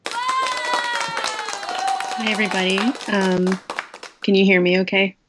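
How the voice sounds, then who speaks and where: A woman's voice: medium pitch, steady tone, slow pace, a bit bright, slight background noise. A woman poet from New York giving hesitant, casual opening remarks over a video call.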